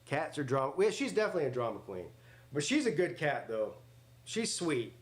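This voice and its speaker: A man's voice: fairly high pitch, sing-song, brisk. A man hosting a live watch-party stream, joking crudely, commenting on the game and reading chat aloud.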